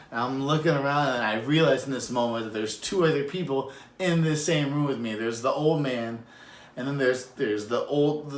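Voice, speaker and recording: A man telling a personal true story on a self-recorded video, acting out quotes with sudden jumps in pitch. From Madison, Wisconsin area. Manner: animated, acts out quotes with big pitch jumps. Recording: echoey room with faint noise.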